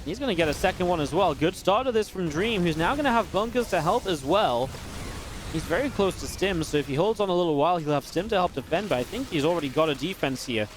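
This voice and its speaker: A man giving live play-by-play commentary on a strategy game match, quick and excitable, with restarts and filler words. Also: sits high, slight background noise. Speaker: esports caster.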